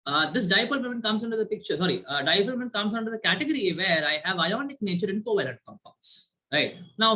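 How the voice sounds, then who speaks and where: High, pushed and bright, this male voice belongs to a chemistry teacher holding an online class over a video call. He quizzes students throughout, regularly tacking "right?" onto his points.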